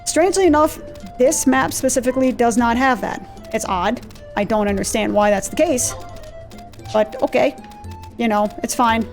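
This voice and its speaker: A woman's voice: fairly high pitch, normal speed. Chatty woman narrating her gameplay. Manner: chatty and self-deprecating, easily sidetracked. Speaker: let's play host. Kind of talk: casual gameplay commentary. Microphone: desk mic with gain turned down in software. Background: faint game music and clicky mechanical keyboard.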